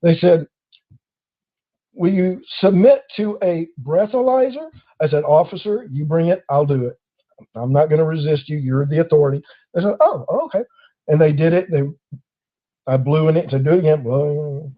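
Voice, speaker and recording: This host's pitch is fairly high and his speed normal, captured on dull audio. During a casual talk he tells a lengthy personal story, animatedly acting out the officers he quotes.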